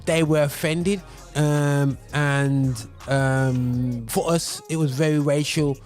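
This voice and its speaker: A man's voice: on the high side, steady tone, slow pace, darkish tone, faint music behind. A male radio presenter giving casual spoken commentary, talking loosely with many fillers and digressions.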